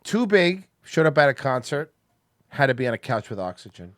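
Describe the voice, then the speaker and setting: A man's voice: mid-range voice, sing-song, a little fast, a bit bright, dry recording, studio quality. A man co-hosting a comedy podcast, joking crudely and swearing freely in loose banter. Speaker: podcast co-host.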